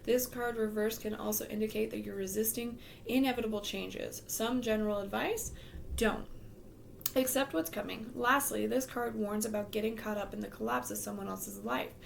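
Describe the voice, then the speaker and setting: A woman's voice: fairly high pitch, vocal fry, a little hiss or hum. A woman giving a tarot reading in a casual, advising way, losing her voice, with frequent ums and some half-whispered words. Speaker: tarot reader.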